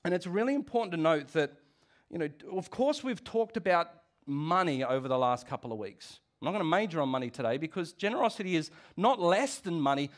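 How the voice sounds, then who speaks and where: A middle-aged pastor delivers a sermon in a lively, conversational way. His voice sits high for a man, and he breaks off into asides and restarts as he speaks. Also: fairly quick.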